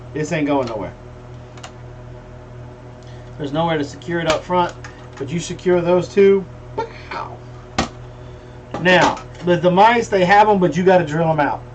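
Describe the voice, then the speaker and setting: A man's voice: high voice, measured pace, pauses often, lo-fi sound, music in the background. Folksy joking man, a bit distant. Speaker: livestream host. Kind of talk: casual livestream chat. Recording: distant mic with faint room noise.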